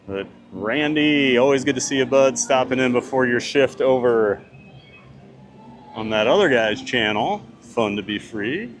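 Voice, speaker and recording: A man's voice: mid-range voice, expressive, unhurried, slight background noise. A man chatting casually on a live stream, reading out viewer comments and answering them. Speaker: theme park vlogger reading live chat. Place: outdoors at a theme park.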